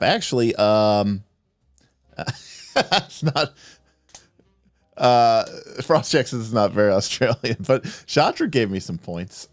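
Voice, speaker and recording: A man's voice: lowish voice, no echo. A man hosting a casual livestream chat, greeting viewers and answering questions in a rambling way, full of fillers and restarts. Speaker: livestream host.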